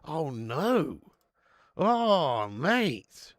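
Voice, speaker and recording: A man's voice: a little high, sing-song, drawn-out words, dry recording, studio quality. Chatty, swearing man. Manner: chatty, laughs often, swears freely; reads out viewer messages. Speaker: host of a live football watch-along. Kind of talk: casual live stream chat.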